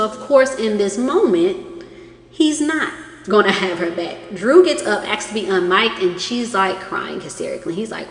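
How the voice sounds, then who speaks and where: A woman giving a casual, chatty recap of a reality show, acting out quotes as she goes. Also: medium pitch. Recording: echoey room with long reverb.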